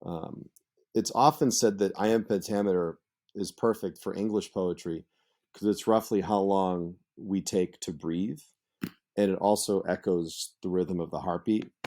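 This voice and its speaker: Low-voiced man teaching in relaxed lecture. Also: normal speed. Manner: conversational, with fillers and asides. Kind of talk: explanatory lecture.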